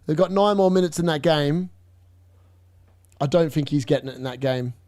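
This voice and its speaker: During his live fantasy football stream, a young man with a fairly high voice keeps up relaxed watchalong chatter, excitedly reacting to each new score. He talks at a moderate pace. His close mic produces a dry, tight sound with no echo.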